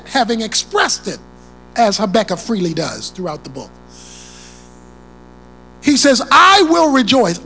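A preacher delivers a sermon with a lively voice that leaps up and drops low. Key phrases come back again and again for emphasis, and loud declarations give way to hushed asides. Faint music plays underneath. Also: poor audio.

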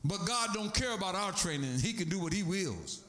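A man's voice: sits high, expressive, normal speed, a bit bright, roomy sound. A man preaching a sermon, calling to the congregation for responses and breaking into song.

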